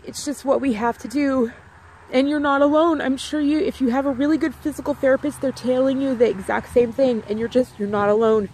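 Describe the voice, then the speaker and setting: A chatty woman vlogger talking casually outdoors by her home. Her voice sits a bit on the high side, and she rambles, circles back and fills her sentences with "like" and "you guys.". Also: steady tone, brisk, a little mellow, slight background noise. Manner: chatty, rambling, repeats herself, many "like"s. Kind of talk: casual vlog chat.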